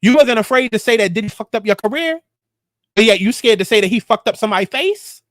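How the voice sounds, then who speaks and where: A man's voice: sits high, lively intonation, fast, fairly bright tone, no room sound, studio quality. A man hosting a celebrity gossip commentary show, talking bluntly and heatedly with plenty of profanity. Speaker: host.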